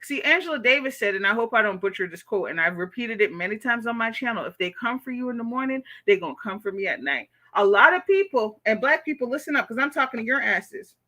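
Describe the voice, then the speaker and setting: A bright, sharp-voiced woman from the United States runs a casual livestream, answering chat in a blunt, profane way. Her voice sits a little high for a woman. She keeps tagging her points with "okay?" and talks straight to her viewers. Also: expressive, quick pace, few pauses. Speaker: livestream host reading chat.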